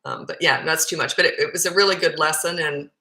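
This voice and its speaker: A woman's voice: deep voice, fast, bright, forceful tone. A Canadian woman in her fifties with a trace of an Australian accent, a parenting coach answering viewer questions in a chatty, blunt, self-deprecating way. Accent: Canadian with some Australian. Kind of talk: casual live Q&A. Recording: roomy echoey phone recording.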